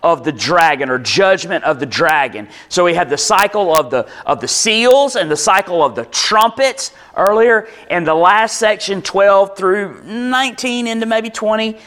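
A man preaching a sermon in a church, reading scripture and adding relaxed, conversational asides. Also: high voice, moderate pace, few pauses. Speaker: pastor.

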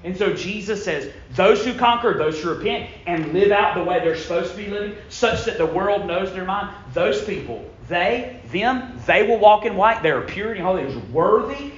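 A man preaching a sermon in a church, emphatic, swinging from loud bursts down to low, quiet lines. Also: moderate pace, hardly any pauses. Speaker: pastor. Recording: echoey room, dull lo-fi sound.

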